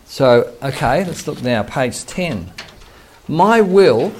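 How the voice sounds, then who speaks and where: A man's voice: mid-range voice, lively intonation, takes it slowly, darkish tone, slight background noise. An older man, a pastor earnestly teaching a sermon and quoting scripture. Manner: earnest preaching, quotes scripture, chuckles to himself.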